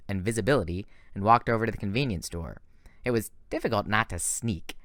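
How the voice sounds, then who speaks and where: A man reading a fan audiobook in a lively, casual first-person narration. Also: lowish voice, no echo, clean studio sound. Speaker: audiobook reader.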